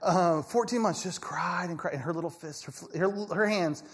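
A man preaching a sermon in a conversational, animated way, often asking "right?" and acting out voices. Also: sits high, moderate pace, husky. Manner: acts out people in quoted voices. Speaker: pastor.

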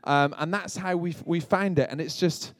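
A British man preaching at normal speed, his voice on the high side, keeps his congregation amused. His sermon is made of light anecdotes and chatty asides that poke fun at himself, recorded without echo.

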